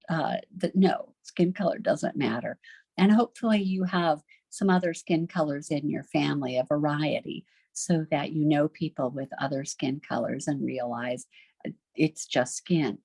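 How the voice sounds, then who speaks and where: A middle-aged woman teaching a recorded homeschool literature lesson, chatty and lively, often putting questions to her class. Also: sits low, slightly rough, dry recording.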